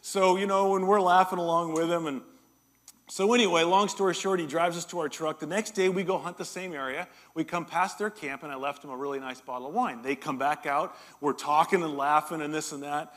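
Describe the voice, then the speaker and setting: A middle-aged man preaching a sermon as a pastor, telling a story with animated energy and joking with his congregation. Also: fairly high pitch, fairly quick. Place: church hall.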